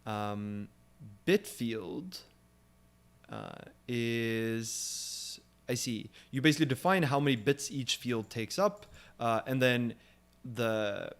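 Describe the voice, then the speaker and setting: A young man hosting a live coding session, thinking aloud as he explains code and works through ideas, often pausing with fillers and restarts. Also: mid-range voice, animated. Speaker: programming stream host.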